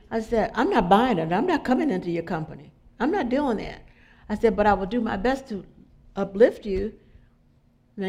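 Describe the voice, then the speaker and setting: A woman preaching an informal sermon, telling stories in a conversational, animated way. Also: mid-range voice.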